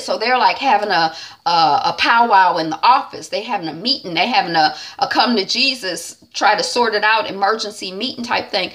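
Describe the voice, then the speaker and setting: Bright, chatty woman recapping a TV episode. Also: mid-range voice, a little fast. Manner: chatty, retells scenes by acting out the characters' lines; loose, slangy, with many "um"s and "like"s. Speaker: TV recap vlogger.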